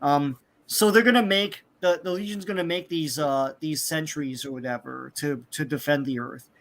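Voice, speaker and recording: Host brief: chatty man with a slightly high voice, rambling comic recap full of ums and likes. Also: moderate pace, a bit bright. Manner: rambling, many fillers, acts out characters' lines. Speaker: podcast host. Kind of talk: casual comic book recap chat.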